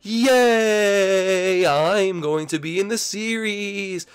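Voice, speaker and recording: A man voicing a small, meek and cheerful pet ghost, talking in a soft, drawn-out, childlike way. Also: sits high, clear, resonant tone, voice pushed up. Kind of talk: Minecraft fan role-play video.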